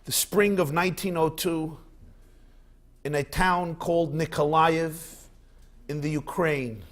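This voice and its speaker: A rabbi giving an evening lecture, weaving in anecdotes. His voice sits a little high for a man, and he tells stories with expressive delivery. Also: measured pace. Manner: expressive storyteller.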